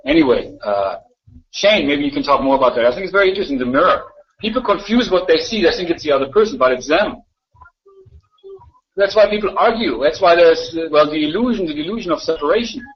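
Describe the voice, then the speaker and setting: A man's voice: on the high side, expressive, quick pace. A man ranting argumentatively in a live voice chat room, repeating himself and mocking others. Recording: dull lo-fi voice chat audio.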